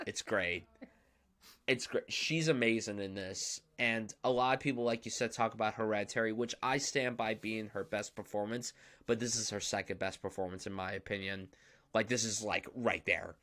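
A man's voice: on the low side, steady tone, normal speed, a bit bright. A young man hosting a podcast, talking through films in an enthusiastic, emphatic, casual way. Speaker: podcast host. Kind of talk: casual film discussion.

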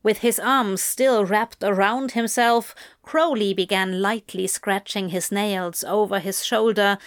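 A woman slowly reading a romantic story aloud in an intimate tone. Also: medium pitch, smooth. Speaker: reader. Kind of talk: reading fan fiction aloud.

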